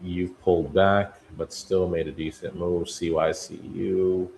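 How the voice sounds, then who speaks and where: A low-voiced man hosts a live trading stream from his desk, musing out loud and bantering with each ticker he scans. A faint hum of room ambience sits under his voice. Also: level tone, a little slow. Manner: talks to stocks like people, musing and bantering. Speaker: day trading stream host. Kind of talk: live market commentary.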